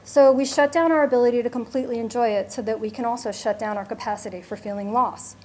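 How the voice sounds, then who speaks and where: Mellow-voiced woman reading a heartfelt speech. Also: a little high, fairly even intonation, fast talker, a little hiss or hum. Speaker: mother giving a bar mitzvah speech.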